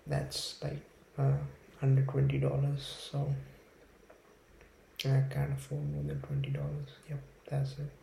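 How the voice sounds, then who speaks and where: A man's voice: mid-range voice, gravelly, warm tone. Nervous young Indian man rambling on his podcast. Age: young adult. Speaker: podcast host. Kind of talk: rambling solo podcast monologue. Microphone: phone or built-in mic, no microphone. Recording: roomy home recording with faint background hum.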